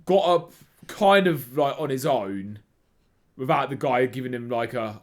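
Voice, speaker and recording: A man's voice: medium pitch, lively intonation, normal speed. A man co-hosting a casual film review chat, talking hesitantly with many restarts. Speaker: podcast co-host.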